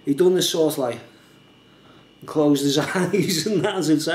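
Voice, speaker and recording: A man's voice: on the high side, measured pace, darkish tone, slight background noise. Rambling man with an echoey sound. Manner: rambling, laughing often, heavy use of fillers. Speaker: vlogger. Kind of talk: casual storytelling.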